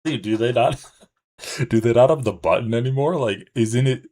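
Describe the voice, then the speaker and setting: A man's voice: mid-range voice, normal speed, dark tone, soft background music. A man commenting sarcastically and incredulously on a podcast clip during a live stream, swearing freely.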